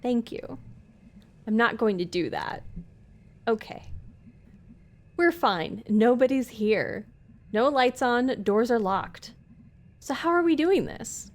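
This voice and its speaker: A woman's voice: on the high side, expressive, slow, long pauses. A woman streamer playing a game live, reading its dialogue aloud between chatty asides to her viewers at a desk mic. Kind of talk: live let's play commentary.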